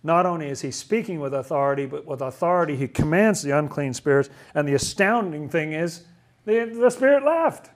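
Guy leading a bible study, kinda high voice, chatty, asks lots of questions, trips over his words. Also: a little fast, hardly any pauses. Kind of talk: casual Bible study teaching.

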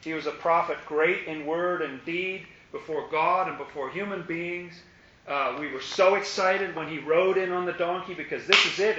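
A man's voice: a little high, moderate pace. A man teaching a Bible study, asking questions and acting out the lines of the crowd. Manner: animated, asks questions, acts out the crowd's lines. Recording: echoey, muffled room recording with faint hiss.

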